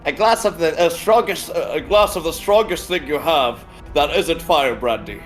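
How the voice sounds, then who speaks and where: Man as a tiny flustered adventurer, stammering, voice sits high. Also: expressive, normal speed, a bit bright, soft background music. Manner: stammering, many fillers.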